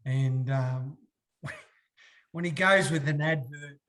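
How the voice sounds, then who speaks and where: A middle-aged Australian man, a former footballer, telling stories as a guest in a casual chat, acting out quotes with big jumps in his voice. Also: takes it slowly. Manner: animated, acts out quotes with big pitch jumps. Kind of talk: casual storytelling.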